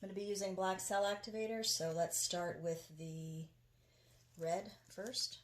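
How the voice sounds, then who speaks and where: A woman with a medium-pitched, unhurried voice hosts a casual crafting tutorial. She chats enthusiastically as she works in her home studio.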